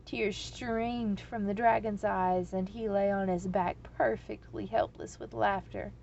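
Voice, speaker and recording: A woman reading a storybook aloud in a slow, measured way. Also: medium pitch, steady tone, vocal fry, a little mellow, muffled recording, slight background noise.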